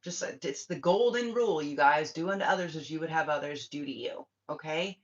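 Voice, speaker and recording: Low-pitched and fairly quick, a woman rants bluntly and profanely to viewers during casual chat on her spiritual livestream, heard through dull lo-fi audio.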